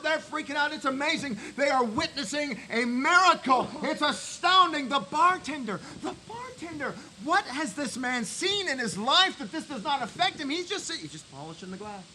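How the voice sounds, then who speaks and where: Um homem com voz muito aguda e brilhante conta uma piada longa e cheia de repetições, que vai crescendo até virar gritos de empolgação. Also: male voice, very high voice, normal speed, few pauses, slight background noise. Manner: rambling, repetitive, building to shouted excitement. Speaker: comic storyteller in a band show. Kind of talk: comic shaggy-dog storytelling.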